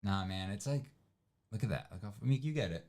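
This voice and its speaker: Low deep-voiced guy rambling on a stream, lots of ums and trailing off. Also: expressive, quick pace, a little mellow. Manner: rambling, self-deprecating, trails off with fillers. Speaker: livestream co-host. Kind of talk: casual chat.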